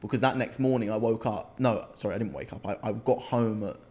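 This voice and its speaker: A young man from the UK, co-hosting a podcast and telling a candid story in lively casual talk, repeating himself. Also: fairly low pitch, brisk. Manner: animated storyteller, repeats himself, acts out scenes. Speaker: podcast co-host, men's coach.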